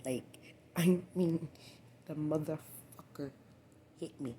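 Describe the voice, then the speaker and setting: A woman in her late twenties telling a rambling personal story to the camera, cursing often and swinging between a low murmur and loud exclamations. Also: takes it slowly, slight background noise. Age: 20s. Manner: profane, repetitive, meandering storytelling. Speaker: vlogger.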